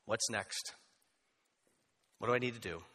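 A man preaching a sermon as pastor, conversational and animated, with asides and humor. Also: fairly low pitch, a little slow. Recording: long hall reverb.

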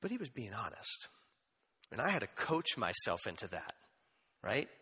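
A man preaching a sermon as pastor, conversational and animated, with asides and humor. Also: on the low side, normal speed, husky. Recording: long hall reverb.

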